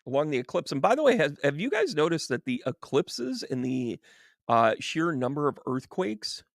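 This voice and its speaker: Reading tarot cards live, this man works as a psychic medium, bantering warmly with viewers, calling them by name and laughing a lot. His voice is fairly high and gravelly, his pace moderate, and the recording is dry with clean studio sound.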